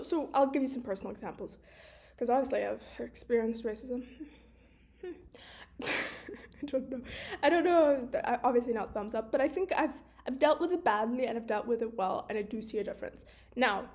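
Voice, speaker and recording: In a high-pitched voice with a darkish tone, this young video creator speaks candidly to the camera. Her monologue is casual and full of swearing, with "like" cropping up constantly.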